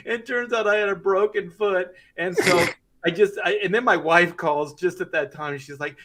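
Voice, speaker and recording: A man's voice: high-pitched, normal speed, fairly bright tone, a little hiss or hum. A middle-aged man, a comic artist, telling a rambling anecdote in casual chat and laughing through it.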